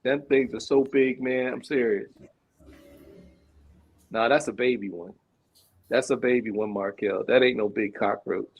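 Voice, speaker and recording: A man co-hosting a casual podcast chat, telling animated stories, repeating himself and laughing often. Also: mid-range voice, measured pace, long pauses, breathy edge, muffled recording. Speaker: podcast co-host.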